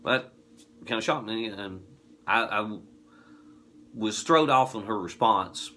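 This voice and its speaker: A man in his forties with a Southern US accent, telling a folksy, animated anecdote. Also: lowish voice, takes it slowly. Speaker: distillery promoter. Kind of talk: casual anecdote.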